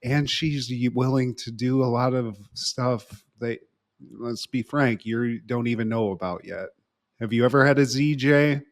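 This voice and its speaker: A man's voice: mid-range voice, a little slow. A man co-hosting a casual recap podcast, swearing freely and acting out the characters' lines. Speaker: podcast co-host.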